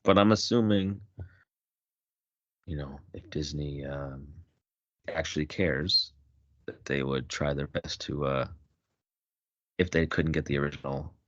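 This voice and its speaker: Man, rambling podcast co-host, dry close sound, very low voice. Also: measured pace, pauses often, dry recording. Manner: rambling, filler-heavy. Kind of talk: casual podcast chat. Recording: dry, dull lo-fi mic.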